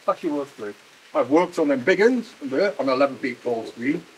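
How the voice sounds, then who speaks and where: An older man, a former miner guiding visitors through a museum, telling stories with lively energy and laughing at himself. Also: mid-range voice, fairly quick, slight background noise, low-quality recording. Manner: animated storyteller, laughs at himself. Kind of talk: guided tour talk. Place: indoor mining museum.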